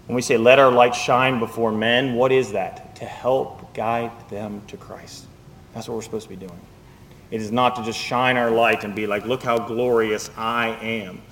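A man preaching a sermon, reading scripture slowly and swinging from quiet asides to loud, high, impassioned stretches. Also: steady tone, slight background noise. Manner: reads scripture aloud slowly.

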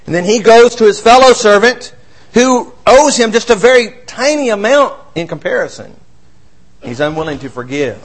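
High-voiced male preacher. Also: normal speed, rough recording. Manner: expressive, swings between raised emphasis and quiet low asides. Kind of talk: sermon.

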